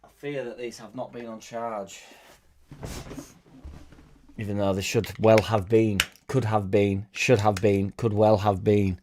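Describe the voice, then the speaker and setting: A man's voice: lowish voice, flat delivery, unhurried, long pauses, a little mellow, slight background noise. A man hosting a fan channel live stream, talking casually and rambling between topics and viewer comments, with self-deprecating asides.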